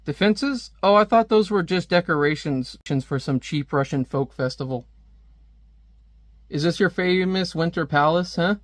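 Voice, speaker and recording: Man reading aloud a smug mocking villain, slightly high voice, dry close sound. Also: a little slow, no echo, lightly acted. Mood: smug taunting. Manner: mocking, taunting. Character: smug scheming male genius villain. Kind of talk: reading comic dialogue aloud.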